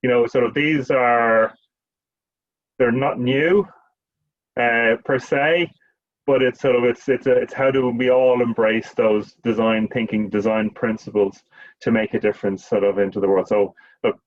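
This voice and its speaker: A man's voice: medium pitch, steady tone, unhurried. A man answering as a panelist, rambling with many fillers and repeated words. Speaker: trainer, panelist. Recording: dull, muffled audio.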